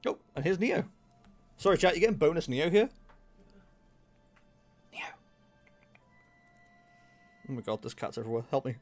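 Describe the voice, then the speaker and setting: A man's voice: a little high, sing-song, moderate pace, pauses often, a little mellow, soft background music. A man hosting a livestream, chatting casually with many laughs and rambling restarts. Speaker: streamer and host.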